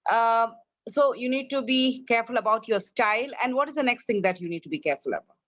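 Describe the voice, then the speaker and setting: A woman's voice: on the high side, expressive, quick pace, a bit bright, no echo, lo-fi sound. A woman with an Indian English accent teaching English online, correcting her students' pronunciation and drilling them. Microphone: online class, video call.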